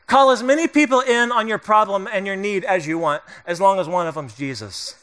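A man's voice: sits high, fairly quick, a bit bright, smooth. A middle-aged male pastor preaching a sermon in a conversational, joking way, acting out the voices of the people in the story.

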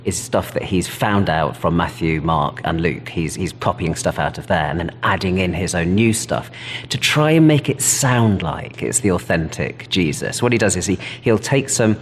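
British scholar guy explaining stuff, low lively voice, faint room noise. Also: moderate pace, in a large hall. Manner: thoughtful, enthusiastic, self-correcting. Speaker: New Testament scholar, interview guest. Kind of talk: explanatory interview talk.

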